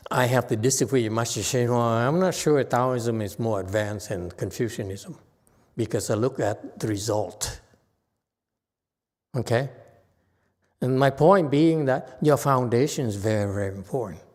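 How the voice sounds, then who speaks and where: A man's voice: medium pitch, darkish tone. A man as a Buddhist meditation master giving a conversational dharma lecture, checking in with his listeners often.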